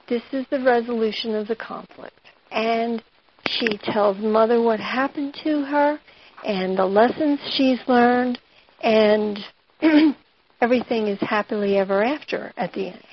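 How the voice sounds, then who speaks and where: Woman, writing teacher, explanatory, fairly high voice, muffled recording. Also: unhurried, slight background noise. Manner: questioning, explanatory, retells the tale with voices. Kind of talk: lecture on fiction writing.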